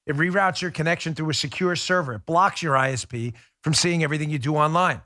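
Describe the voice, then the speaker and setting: A man hosting a political talk show with brisk, emphatic talk-radio delivery on a studio mic. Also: on the high side, bright, forceful tone. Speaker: host.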